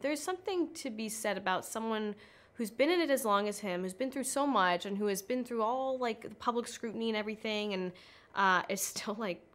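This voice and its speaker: A woman's voice: mid-range voice, fairly bright tone. A young American woman from California chatting in a press interview, full of "like" and "um". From California, USA. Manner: chatty, filler-heavy with frequent "like" and "um". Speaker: interviewed actress.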